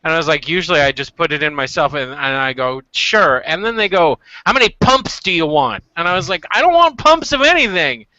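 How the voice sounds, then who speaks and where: A man's voice: a little high, fairly quick, hardly any pauses, pushed and bright, no echo. A man from California hosting a casual web show, telling stories animatedly and acting out quotes, over dull web call audio. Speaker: host.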